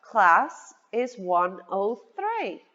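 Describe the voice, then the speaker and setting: A woman teaching a children's vocabulary lesson, spelling words out letter by letter in a slow, sing-song way. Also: mid-range voice, big pitch swings, a bit bright. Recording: dull lo-fi sound with long reverb.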